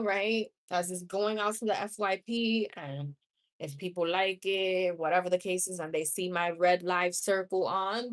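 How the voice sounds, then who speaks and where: Slow, laughing New York woman chatting live. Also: fairly low pitch, fairly even intonation. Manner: chatty, laughs often, rambling asides. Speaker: live-stream host. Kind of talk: casual live-stream chat with viewers. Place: home room.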